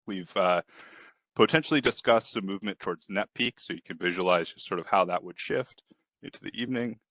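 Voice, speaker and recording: Man, very deep voice, dry close sound, hesitant presenter, throat-clearing cough. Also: fairly quick, fairly bright tone, no echo. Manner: hesitant, many fillers and restarts. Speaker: workshop presenter. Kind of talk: technical presentation on a web call.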